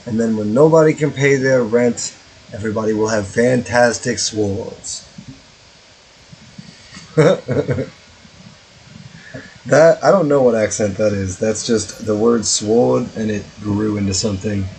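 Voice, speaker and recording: A man's voice: on the low side, slow pace, pauses often, darkish tone, slight background noise, rough recording. A man streaming a strategy game, chatting casually in a rambling, joking way with profane asides. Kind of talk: casual let's-play commentary.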